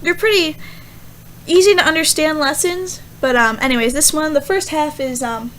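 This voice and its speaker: A young woman, a student, rambling casually through a Bible verse vlog with lots of fillers and animated asides. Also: sits high, moderate pace, a little hiss or hum, low-quality recording. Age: young adult. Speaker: student vlogger.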